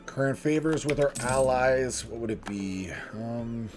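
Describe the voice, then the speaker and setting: A man's voice: medium pitch, measured pace, a little mellow, a little hiss or hum. A man hosting a strategy game video, casually thinking aloud, chuckling and talking to himself as he plays. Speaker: gaming video host.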